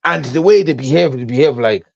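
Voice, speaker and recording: A man talking on a podcast panel in an animated, repetitive way. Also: medium pitch, fairly quick, vocal fry, lo-fi sound. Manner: animated, repeats himself when excited. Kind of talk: casual podcast chat.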